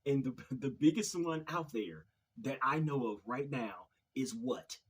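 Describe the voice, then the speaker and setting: A man's voice: mid-range voice, expressive, measured pace, husky, rough recording. A man hosting his own video channel, giving an opinion monologue in a hesitant way, often repeating words and sighing. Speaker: video commentary host.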